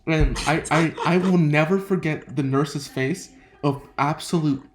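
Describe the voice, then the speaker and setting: A young man hosting a casual podcast chat, telling a story with lots of laughter and lively quoted voices. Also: fairly high pitch, a little slow, background noise. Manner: laughing often, animated quoting of others. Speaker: podcast host.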